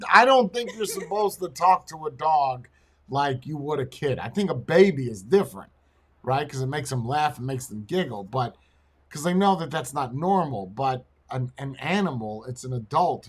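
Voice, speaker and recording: A man hosting a podcast, chatting casually and telling crude, rambling stories with animated delivery. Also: a little high, husky. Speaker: podcast host. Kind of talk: casual chat and storytelling.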